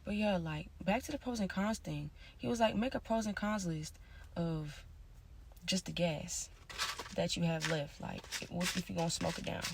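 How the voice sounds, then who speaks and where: A woman talking in a casual confessional monologue, rambling and slangy with constant fillers, drifting between soft mutters and louder bursts. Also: lowish voice, moderate pace, gravelly, slight background noise. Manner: rambling, slangy, many "like" and "you feel me". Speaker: vlogger.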